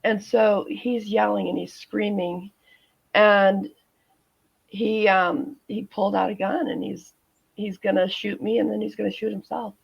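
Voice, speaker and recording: A woman in her fifties, a nurse telling her own story as a guest in an interview, halting with frequent restarts and fillers. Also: mid-range voice, fairly even intonation, gravelly, slightly rough. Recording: dull lo-fi audio.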